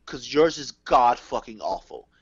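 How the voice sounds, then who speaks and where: A man hosting a casual wrestling review podcast, excitable and quick to swear and laugh. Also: medium pitch, husky, highs cut off. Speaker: podcast host.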